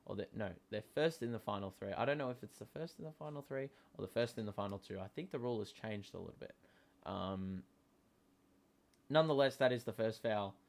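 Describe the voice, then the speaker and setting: A man hosting a live basketball watchalong, talking casually with many fillers and sudden excited outbursts. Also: on the low side, fairly quick, creaky. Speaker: host.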